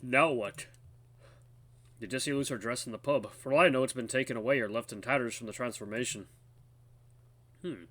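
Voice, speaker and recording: A man's voice: mid-range voice, a little fast, long pauses, a bit bright. A man hosting a gaming channel, reading an interactive story game aloud in the first person and stopping to comment. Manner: first-person narration of the hero, breaks off to laugh and comment.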